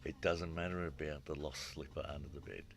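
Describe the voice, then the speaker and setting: A guest storyteller with a very deep male voice tells a long story in casual chat, speaking a little fast over soft background music. He's animated, acts out what people said, and often says "you know."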